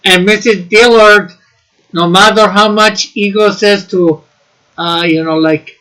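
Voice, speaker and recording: A man's voice: sits high, steady tone, unhurried, pushed and bright, clean tone, rough recording. A man hosting a casual live stream, playful, laughing often and trying out mock accents. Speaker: comics show host.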